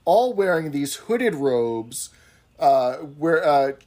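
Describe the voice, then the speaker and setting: A man's voice: fairly high pitch, very animated, slow pace, darkish tone. A man co-hosting a casual talk show, recapping episode plots in a conversational way. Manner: narrates plot recaps conversationally. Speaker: podcast co-host.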